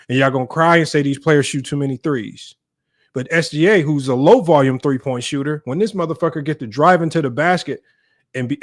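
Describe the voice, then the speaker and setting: A man hosting a sports debate live stream, ranting in an exasperated, heated way to his viewers. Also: a little high.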